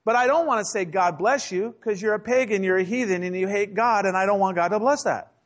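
High-voiced man preaching a sermon. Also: fairly quick. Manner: humorous, conversational preaching with acted asides. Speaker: pastor. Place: church sanctuary.

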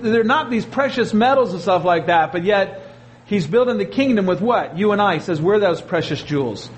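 A pastor preaching a sermon, animated, with his voice jumping up for emphasis and asides to the congregation. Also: high-pitched, slight background noise, low-quality recording.

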